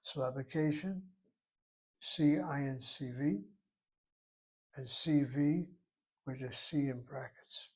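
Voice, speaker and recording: A man teaching a language class, explaining slowly and methodically and repeating words to break them into syllables. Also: medium pitch, slightly rough. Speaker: Hebrew teacher. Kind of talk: classroom lecture.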